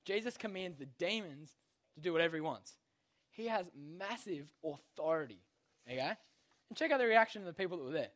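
A man's voice: a little high, expressive, a little fast, fairly bright tone. Slangy man teaching kids. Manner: casual, slangy, checks in with "okay?" constantly. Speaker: youth Bible teacher. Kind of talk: Bible lesson for kids.

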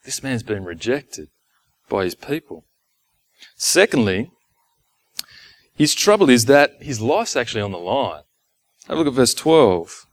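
A man preaching a sermon in an earnest way. He asks rhetorical questions, repeats key phrases and sometimes drops to a quiet, intimate tone. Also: mid-range voice, animated, a little slow, long pauses, dry recording.

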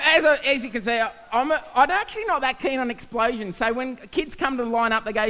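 Male science teacher, high bright voice, animated storyteller, hall reverb. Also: brisk, hardly any pauses. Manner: animated, laughs at his own stories. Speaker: science teacher giving a talk. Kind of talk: storytelling talk to an audience.

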